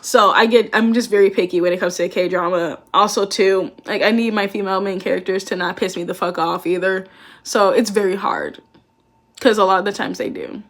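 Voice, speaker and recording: A woman's voice: mid-range voice, fairly even intonation, brisk. A young woman vlogger in casual chat, swearing freely and laughing often as she talks.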